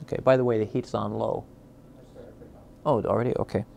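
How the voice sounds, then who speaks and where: A man teaching a Bible class in a classroom. He talks conversationally, often checks in with "okay?", gropes for words and slows down to sound out Hebrew words. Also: fairly low pitch, level tone, vocal fry, a little mellow, slight background noise. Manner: searches aloud for words, with fillers and restarts.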